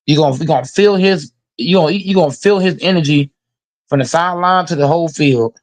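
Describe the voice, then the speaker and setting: A man's voice: a little high, a little fast. A man hosting a casual sports reaction show, ranting emphatically and with heavy profanity. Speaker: host reacting to football news.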